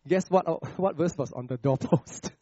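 Man, preacher, testimony sermon, fairly high voice, frequent "okay?" checks to the congregation, dull dry sound. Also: no room sound. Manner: peppers talk with "all right?" and "okay?" checks to the congregation; slows and drops to a hush on scripture phrases.

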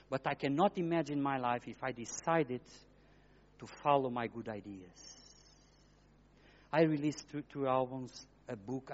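A middle-aged man giving an emotional testimony sermon as a guest preacher, in simple, broken phrasing, swinging between hushed and loud. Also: a little high. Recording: dull lo-fi recording.

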